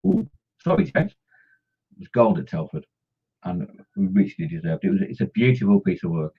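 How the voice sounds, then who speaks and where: In a lowish, sing-song voice that's slightly rough with vocal fry, a middle-aged man chats at a moderate pace on his model-painting live stream. He reads comments aloud and jokes with and teases viewers. The stream audio is dull and lo-fi.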